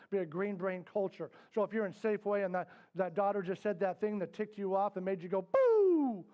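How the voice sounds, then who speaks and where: A middle-aged man teaching a parenting workshop, talking candidly to a live group. He tells stories, acts out the voices in them and drops to a soft, quiet tone for serious points. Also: high voice, dull audio. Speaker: parenting class instructor. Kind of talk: storytelling workshop talk. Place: indoor classroom with a live group.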